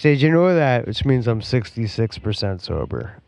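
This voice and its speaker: A man's voice: medium pitch, big pitch swings, moderate pace, vocal fry, few pauses, a little mellow. A man hosting a podcast in casual chat at home, rowdy and joking, swearing and laughing a lot. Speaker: podcast host.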